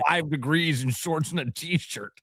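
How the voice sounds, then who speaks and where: A man co-hosting a radio show, chiming in with quick reactions and laughs. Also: fairly high pitch, over a noisy crowd. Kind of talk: casual radio banter.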